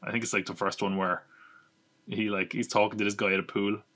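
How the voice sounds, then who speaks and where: A man's voice: fairly low pitch, little pitch movement, brisk, a bit bright. A man hosting a podcast in casual chat, rambling and sarcastic, with the odd swear word thrown in. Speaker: podcast host.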